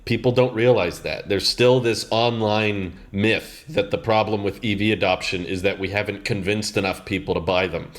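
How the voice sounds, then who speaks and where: A man's voice: lowish voice, steady tone, moderate pace, hardly any pauses. A man co-hosting a podcast in casual chat, laughing often and joking by imitating people. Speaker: podcast co-host.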